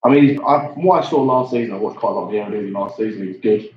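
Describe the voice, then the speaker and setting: A young London man co-hosts a football watchalong and reads out questions from viewers. He talks extremely fast in a low voice. The room is echoey and the recording is dull. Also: far from the mic. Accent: London English. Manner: rapid, reads out chat questions. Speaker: fan channel co-host reading viewer questions. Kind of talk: casual football watchalong chat. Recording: roomy, dull lo-fi sound.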